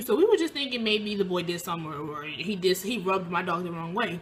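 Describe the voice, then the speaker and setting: A woman's voice: on the low side, fast talker, a little hiss or hum. A young woman telling a personal story in casual speech, acting out what people said in a raised voice. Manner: animated, acts out quoted lines in a raised voice. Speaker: vlogger.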